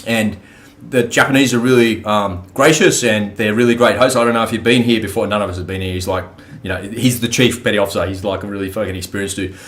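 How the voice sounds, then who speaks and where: A man's voice: on the low side, fairly even intonation, quick pace, fairly bright tone. A middle-aged man, hosting a casual podcast talk and telling stories bluntly, with frequent swearing. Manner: blunt, profane storytelling. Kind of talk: casual conversation.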